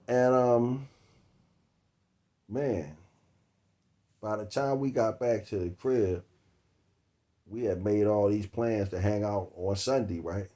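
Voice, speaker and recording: A man, telling a long comic story about a date that cost him, laughing between words and swearing freely. His voice sits a little low. The delivery is loose and conversational. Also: takes it slowly, long pauses, mellow. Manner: profane, laughing through the story. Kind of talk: comedic storytelling monologue.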